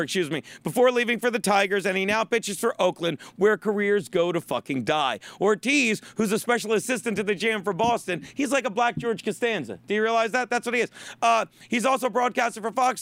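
A man's voice: sits high, fairly bright tone, no echo. A male podcast host on a profane, rambling, sarcastic comedic sports rant.

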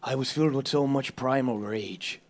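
A man doing a bumbling, crude impression of a gruff Irish action-movie star, speaking with an Irish accent and rambling as he laughs through his lines. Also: mid-range voice, moderate pace, natural voice. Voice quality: gravelly. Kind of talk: improvised comedy podcast bit.

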